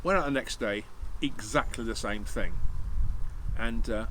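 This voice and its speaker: A channel host casually tells a long, rambling hunting anecdote, restarting often and acting out what people said. His voice is fairly low, bright and forceful, a little slow, in a low-quality recording with a bit of hiss or hum.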